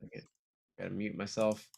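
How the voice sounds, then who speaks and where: A man's voice: on the low side, little pitch movement, fairly quick, creaky, darkish tone. A man co-hosting a podcast in casual comedic chat, rambling and laughing often. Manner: goofy, rambling, laughs a lot. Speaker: podcast co-host.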